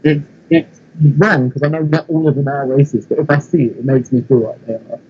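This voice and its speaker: A man's voice: mid-range voice, brisk, darkish tone, breathy edge. A young man with an English accent chatting casually on a podcast, rambling and swearing with lots of fillers. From England. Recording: dull lo-fi recording.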